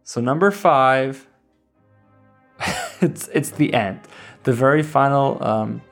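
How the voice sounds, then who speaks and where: A man in his thirties chats eagerly as he reviews his favorite scenes. He rambles, restarts often, and keeps a middle pitch over faint music in the background. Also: lively intonation, slow pace. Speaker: series reviewer. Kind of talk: casual chat.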